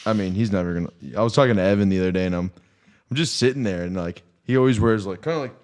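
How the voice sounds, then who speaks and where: A man with a fairly low voice chats on a podcast, spinning crude anecdotes full of "like" and "uh". His talk is loose and casual, aimed at making his friends laugh. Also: very fast, darkish tone. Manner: crude storytelling banter. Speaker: podcast co-host. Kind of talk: casual chat.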